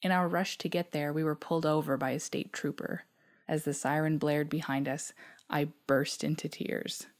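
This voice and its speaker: Reading aloud a personal reflection she wrote, a Newfoundland woman speaks softly and thoughtfully in a measured way. Her voice is low with little pitch movement, and at times it drops close to a whisper.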